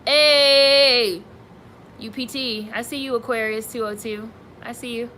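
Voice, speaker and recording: A woman's voice: fairly high pitch, steady tone, fairly quick, a bit bright, slight background noise, poor audio. A young woman streaming live, reading viewer comments and reacting with candid, sassy asides. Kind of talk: casual live-stream chat.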